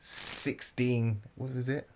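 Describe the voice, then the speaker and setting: A man giving casual, animated religious commentary, laughing often and mimicking the people he talks about. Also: mid-range voice, takes it slowly.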